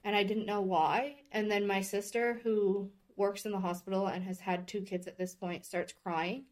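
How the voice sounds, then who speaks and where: A woman's voice: medium pitch, flat delivery, moderate pace. Woman in her 30s, earnest and emotional, telling her own story on a podcast. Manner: earnest and openly emotional, speaking candidly. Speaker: guest sharing her story. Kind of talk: personal storytelling in a podcast interview.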